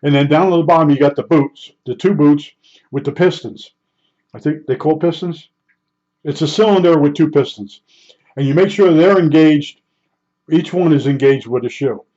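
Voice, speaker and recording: An older man telling a casual, halting workshop story, often restarting and searching for words as he recalls details. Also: fairly high pitch, dark tone, highs cut off. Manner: halting, many restarts and fillers while recalling. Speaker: hobbyist repairing old electronics.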